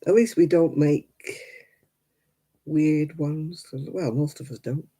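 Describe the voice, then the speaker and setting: A woman's voice: deep voice, slow, mellow, husky. An older woman chatting casually with viewers on a crafting livestream, rambling and laughing often. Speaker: livestream host. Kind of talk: casual live-chat crafting stream.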